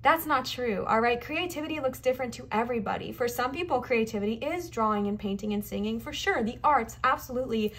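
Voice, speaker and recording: A young woman from the Southern United States doing a casual tarot reading to camera, chatty and emphatic, piling on encouragement with quick asides. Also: fairly high pitch, a bit bright, breathy edge. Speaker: tarot card reader.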